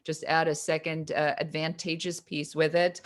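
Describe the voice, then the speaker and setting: Brief: German-accented woman host, very low voice, probing and encouraging, repeats words as she thinks. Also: flat delivery, moderate pace. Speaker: host and coach. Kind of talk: casual video-call discussion.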